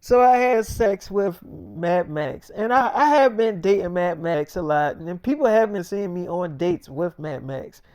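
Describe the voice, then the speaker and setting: A man's voice: high-pitched, darkish tone, no room sound, studio quality. A man telling a crude comic story in a casual, rambling way. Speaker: comedian.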